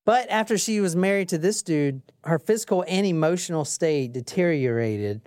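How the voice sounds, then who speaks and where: A man's voice: on the high side, animated, moderate pace, darkish tone, clean tone, no echo. A man hosting a casual true-crime podcast, reading out case notes and joking with his co-hosts. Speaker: podcast host.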